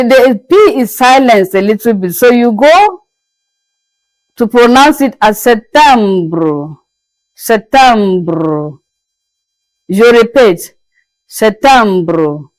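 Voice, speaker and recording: A woman's voice: fairly high pitch, no room sound, low-quality recording. A woman teaching French as a lesson to her channel, who spells the words out and repeats each one patiently. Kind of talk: slow, patient classroom lesson.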